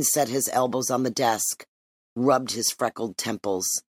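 A man narrating an audiobook in steady, measured storytelling. His voice sits in a middle pitch, and the recording is close and dry with no room sound. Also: no echo.

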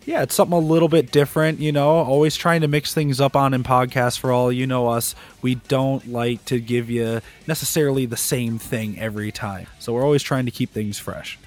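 A man's voice: mid-range voice, steady tone, brisk, hardly any pauses, faint music behind. A man co-hosting a podcast in easygoing casual chat, talking freely and laughing now and then. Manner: easygoing, chatty, laughs often. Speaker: podcast co-host.

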